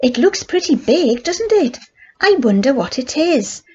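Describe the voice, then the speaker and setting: A woman's voice: high voice, sing-song, measured pace, lo-fi sound, pitched above the performer's own voice. An older woman reading aloud, voicing a curious young girl with lilting, wondering questions. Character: curious young girl Daisy, bright and chatty.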